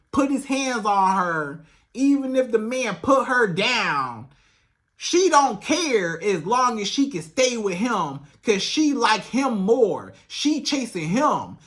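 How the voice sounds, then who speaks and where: A woman relationship coach giving direct, emphatic advice to camera, repeating herself for stress and acting out quoted voices, with speech. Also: on the high side.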